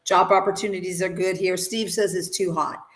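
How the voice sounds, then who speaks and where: A woman's voice: lowish voice, fairly even intonation, normal speed, faint music behind. A woman real estate agent from Texas answering interview questions in a plain, matter-of-fact way.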